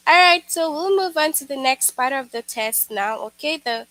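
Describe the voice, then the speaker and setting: A woman's voice: high-pitched, expressive, normal speed, sharp tone, dry recording, poor audio. A woman teaching an online lesson to young children, patiently explaining and repeating herself, with many "okay"s and "all right"s.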